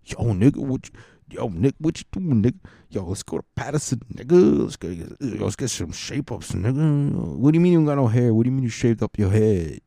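A man imitating his pushy, teasing younger brother, who talks in rapid, profane street slang. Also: mid-range voice, big pitch swings, gravelly, dark tone, dry recording, studio quality, pitched above the performer's own voice.

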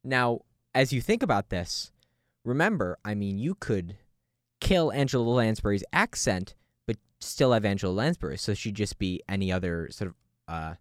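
A man's voice: fairly low pitch, moderate pace, dry recording, studio quality. A man co-hosting a casual chat, teasing and playful as he poses a would-you-rather game. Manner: playful and teasing, lively intonation. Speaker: podcast co-host.

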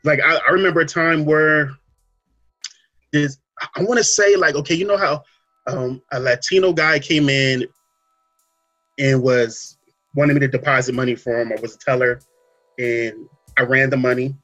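A man hosting a podcast, talking through a story in a relaxed casual way, full of fillers and asides. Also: medium pitch, moderate pace, pauses often, faint music behind. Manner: relaxed storytelling, many fillers and "you know what I'm saying". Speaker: podcast host. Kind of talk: casual chat.

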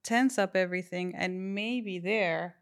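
A woman bodywork practitioner as a podcast guest, explaining in a calm, measured, unhurried way. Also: medium pitch. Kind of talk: reflective interview talk.

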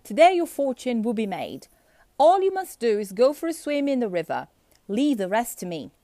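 A woman voicing a clever, bold male cat who speaks eagerly and turns fierce with his threats, in a lively, dry storybook reading. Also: a little high, normal speed, no echo.

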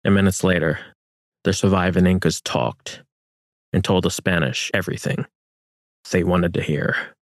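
A man reading historical fiction as narrator in a measured, solemn manner. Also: sits low, fairly even intonation, no room sound, studio quality.

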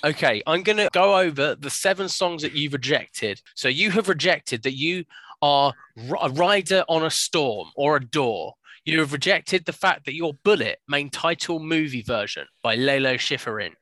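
A man's voice: fairly high pitch, lively intonation, moderate pace, pushed and bright, no echo. A man hosting a podcast, teasing his guest in a playful, casual way. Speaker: podcast host. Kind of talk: casual chat.

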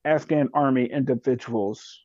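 Man, profane animated storyteller, mellow warm tone, dull lo-fi recording. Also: mid-range voice, moderate pace, no echo. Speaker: podcast guest, retired soldier. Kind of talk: casual storytelling.

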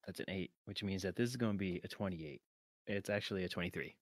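A man's voice: low voice, quick pace. A man playing a tabletop game, chatting casually and joking about his dice rolls. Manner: jokey and animated. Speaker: player.

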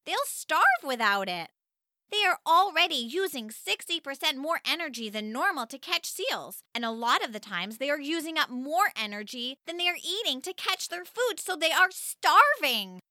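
Bright, animated woman reading a children's story. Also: moderate pace, no room sound, studio quality. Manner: highly expressive, animated storytelling. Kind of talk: first-person children's story narration.

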